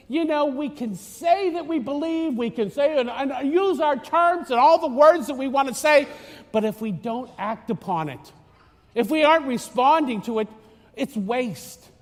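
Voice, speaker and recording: A man giving a chatty, teasing homily as a priest, rambling with many restarts, recorded in a church. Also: extremely high pitch. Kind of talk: conversational homily. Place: church in Florida. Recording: long church reverb.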